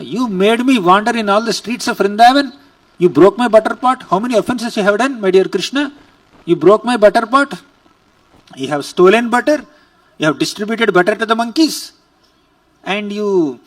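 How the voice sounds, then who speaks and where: Man doing scolding exasperated mother, high voice, a bit far off.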